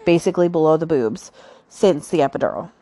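Chatty woman with a low voice. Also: animated, a little fast, mellow. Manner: chatty, frequent "like" and "um" fillers. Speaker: podcast host. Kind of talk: casual personal storytelling.

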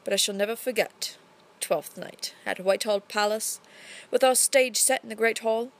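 A woman reading a storybook aloud in a put-on English accent, narrating steadily with lively emphasis. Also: fairly high pitch, moderate pace.

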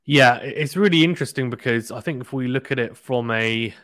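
A man hosts a casual sports podcast in a chatty, teasing way and laughs often. His voice sits at an ordinary middle pitch. The sound is close and dry, with no room echo. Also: fairly quick, a bit bright. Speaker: podcast host. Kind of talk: casual cricket podcast chat.

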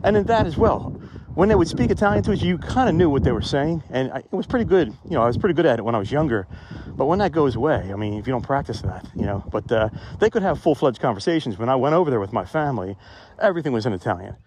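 This man speaks quickly in a medium pitch with lively intonation, and background noise is audible. He's vlogging on a phone while walking outdoors in a cemetery, letting his reflective thoughts ramble conversationally.

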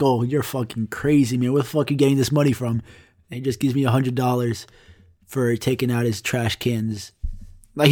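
Young guy, casual storyteller, profane and rambling, average pitch. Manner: rambling, profane, quotes others in animated asides.

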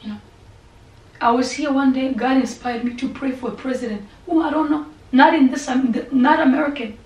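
A woman pastor preaching with passion, her voice somewhat high. She repeats herself as she presses her point, then sinks into soft, whispered prayer. The room is echoey and she is some distance from the mic, with a faint hum behind her. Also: fairly even intonation, brisk. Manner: impassioned, repetitive, drops to soft whispered prayer. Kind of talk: sermon and prayer.

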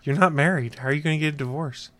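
A man hosting a podcast in a relaxed, wry way, his voice sitting a little high. The sound is dry and close, with no room around it. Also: rapid-fire, dry recording. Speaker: podcast host. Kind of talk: casual chat.

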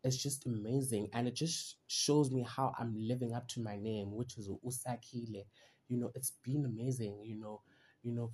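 A man's voice: fairly low pitch, a little mellow, a little hiss or hum. A young man, hosting a solo podcast in a chatty, heartfelt way and rambling with lots of "you know" and "like". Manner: rambling, disconnected thoughts. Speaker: podcast host. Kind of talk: casual solo podcast monologue.

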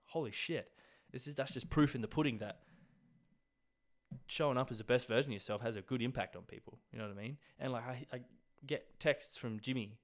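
Hosting his own casual podcast, a young Australian man talks fairly quickly in a mid-range voice. He's rambling and profane, leaning heavily on fillers, and coughs a bit while getting over being ill.

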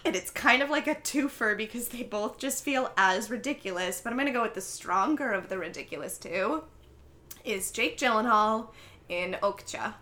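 Bright, gushing woman podcast host. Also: on the high side, animated, normal speed. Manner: effusive, enthusiastic, gushing. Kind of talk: casual chat about films.

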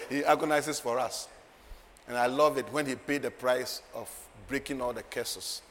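A man preaching a sermon, moving from quiet asides to loud, laughing declarations. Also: medium pitch, fairly even intonation, normal speed. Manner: emphatic, swings from soft asides to loud declarations, laughs often. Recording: long hall reverb, faint ambient noise.

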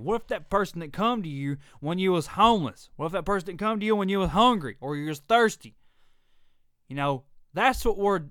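A man's voice: sits high, sharp tone, clean tone, no room sound, clean studio sound. A middle-aged man, hosting a faith podcast in an emphatic, preachy rant that repeats its points. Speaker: podcast host. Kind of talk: ranting faith podcast monologue.

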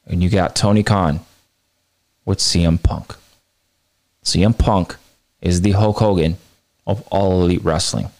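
A man hosting a wrestling podcast, delivering a heated, profane opinion rant that swings between low mutters and high outbursts. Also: steady tone, measured pace, long pauses, a little mellow. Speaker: podcast host.

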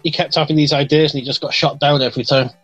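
A man hosting a casual podcast chat, jokey and animated, laughing often. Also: on the high side, quick pace, dull audio, soft background music. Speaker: podcast host.

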